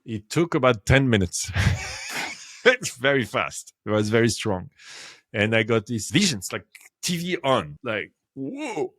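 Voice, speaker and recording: A man in his fifties with a French accent, telling a personal story as a podcast guest, animated and laughing often. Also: fairly low pitch, a little slow, no echo, studio quality. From France. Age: 50s. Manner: animated, laughs often, swings between loud and quiet. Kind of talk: casual storytelling.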